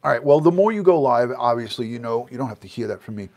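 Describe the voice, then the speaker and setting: A middle-aged American man livestreams a casual chat from his home basement, answering viewer comments as he goes. He talks fast with a medium pitch, lively intonation, and a darkish tone, and the highs are cut off.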